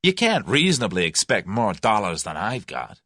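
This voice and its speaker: A brash young man with breezy, direct, folksy talk, as a man voices him for an audiobook. The voice sits low and moves with lively swings, recorded close and dry. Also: normal speed, no echo, exaggerated voice.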